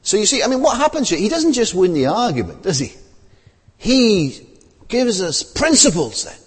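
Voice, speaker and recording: A man preaches to his congregation in a chatty, questioning way, leaning on tag questions and little fillers. His voice rises and falls a lot and has a slightly husky edge. The sound carries a long reverb from a large hall. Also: high voice, huge pitch swings, moderate pace. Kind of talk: sermon.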